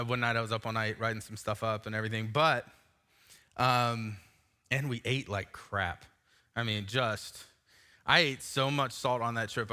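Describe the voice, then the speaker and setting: A man's voice: medium pitch, pushed and bright, smooth. A man in his thirties, a pastor, giving a sermon in a church, telling a self-mocking personal story in a casual way. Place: church sanctuary.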